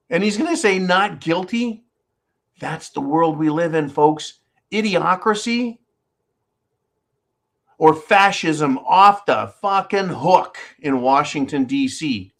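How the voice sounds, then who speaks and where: A man hosting his own channel, delivering a profane, sarcastic political rant with sudden jumps in pitch and volume. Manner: loud swings in pitch and volume. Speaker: channel host.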